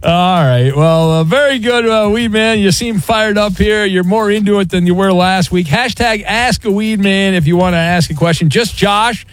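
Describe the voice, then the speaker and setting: A man hosting a talk radio show, brisk and teasing as he reads out listener questions. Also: high voice, no echo, soft background music. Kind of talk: sports talk radio chat.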